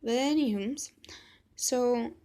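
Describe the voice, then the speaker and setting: A woman's voice: fairly high pitch, slow, warm tone. A woman telling a personal story in a casual vlog, blunt and swearing freely as she quotes others. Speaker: vlogger.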